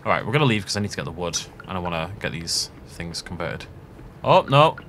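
A man with a fairly low voice narrates his gameplay in a chatty running commentary. His pitch swings widely as he thinks aloud, and he laughs often. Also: very animated, brisk, noisy background. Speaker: gaming channel host. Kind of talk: let's play commentary.

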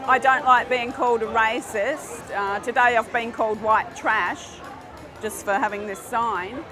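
An Australian woman with a high voice gives an earnest, defensive street interview. A loud crowd and music fill the space around her. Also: fairly even intonation, unhurried. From South Gippsland, Australia. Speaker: rally-goer interviewee.

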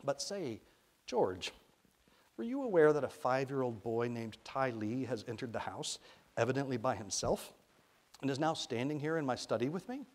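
A man reading the part of a calm, wry grown man who talks patiently with a curious small child, in a gently amused manner. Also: medium pitch, normal speed.

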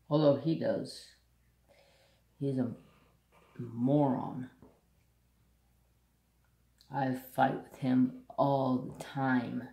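A man's voice: medium pitch, gravelly, mellow, reverberant. A man hosting a craft channel, telling a country story bluntly and saltily in casual chat. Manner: blunt, salty rural storyteller.

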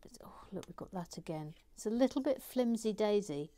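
A woman chats while building, and her voice sits at an ordinary middle pitch. She pokes fun at herself and often sinks into a soft whisper during the fiddly parts. A faint hiss runs underneath. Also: lively intonation, a little fast. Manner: chatty and self-mocking, drops to a whisper while concentrating. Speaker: host of a building stream. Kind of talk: casual chat while building and reading viewer comments.

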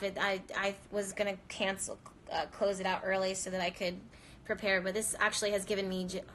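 A woman's voice: medium pitch, fairly bright tone, slight background noise. A woman hosting a live stream, talking tearfully and earnestly, rambling with many restarts as she cries. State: teary, voice shaking from crying. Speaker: spiritual reader and live-stream host. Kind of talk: emotional live-stream monologue.

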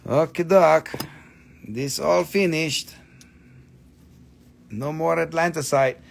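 A man's voice: fairly high pitch, takes it slowly, gravelly. A man casually hosting a live-stream crystal sale, joking around, swearing loosely and repeating himself. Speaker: host selling crystals.

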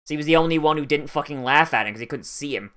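A man's voice: on the high side, racing, fairly bright tone, smooth. A man streaming a video game, talking casually with sarcastic jokes, heavy swearing and frustrated outbursts. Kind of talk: casual gameplay commentary.

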